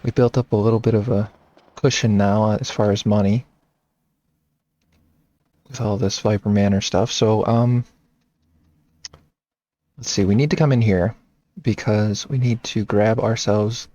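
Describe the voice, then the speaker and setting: A man casually commenting on his game playthrough, rambling and thinking out loud. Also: lowish voice, fairly even intonation, measured pace, pauses often, no room sound, lo-fi sound. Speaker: game streamer. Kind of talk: casual let's-play commentary.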